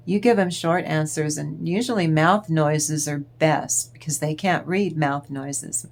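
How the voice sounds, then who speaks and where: Woman tarot host, slow and rambling; a lower voice, unhurried chat to her viewers. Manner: rambling, chatty and wandering off topic. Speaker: tarot reader and channel host. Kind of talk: casual spiritual talk to viewers.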